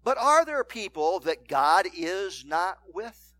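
A pastor delivers a sermon in a high, bright-edged male voice, recorded dry and close with no room echo. He reads old-fashioned scripture aloud and swings from loud emphatic declarations to quiet, hushed asides. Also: big pitch swings, takes it slowly. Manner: reads scripture in King James wording.

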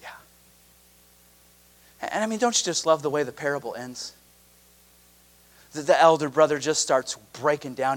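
A man preaching a sermon emphatically, moving between raised shouts and hushed asides. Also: a little high, very animated, measured pace, long pauses.

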